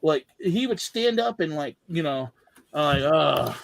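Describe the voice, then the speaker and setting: A man's voice: fairly high pitch, expressive, normal speed, no echo. A man telling a long, rambling story in casual chat, with many restarts and trailing asides.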